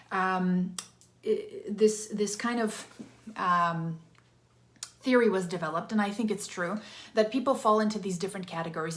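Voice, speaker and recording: A woman in her thirties, an interactive storytelling coach, giving an upbeat, chatty live-streamed talk from a room with some echo. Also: fairly low pitch. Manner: upbeat, chatty, energetic with bursts of enthusiasm.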